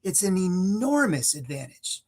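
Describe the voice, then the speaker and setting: A man's voice: sits high, sing-song, measured pace. A man in his forties from California, co-hosting a sports podcast and telling stories casually, with restarts and the odd laugh. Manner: storytelling, with restarts and a laugh now and then. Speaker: podcast co-host.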